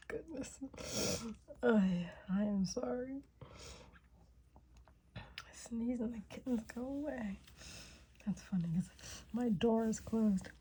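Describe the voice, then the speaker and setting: A woman filming a backyard vlog outdoors, talking in a hushed, cooing voice and coughing now and then. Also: a little high, slow, pauses often. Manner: hushed, cooing softly at kittens. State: coughing and sneezing. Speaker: vlogger. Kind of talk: casual vlog commentary.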